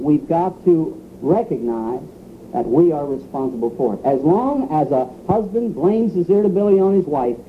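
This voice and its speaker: Preacher guy, bit high voice, earnest and emphatic, thin tinny radio sound w/ light hiss. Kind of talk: sermon. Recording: tinny phone-like radio broadcast with faint hiss.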